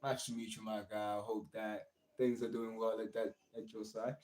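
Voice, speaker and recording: A man's voice: fairly low pitch, flat delivery, moderate pace, a little mellow, low-quality recording. A young man, giving an earnest, encouraging motivational talk on a casual livestream and repeating his phrases. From South Africa. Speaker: livestream host.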